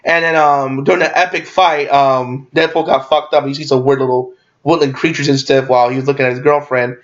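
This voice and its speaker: A man's voice: mid-range voice, fairly even intonation, a little fast. A man giving a casual movie review, rambling and swearing, with lots of fillers and restarts. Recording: dull lo-fi recording.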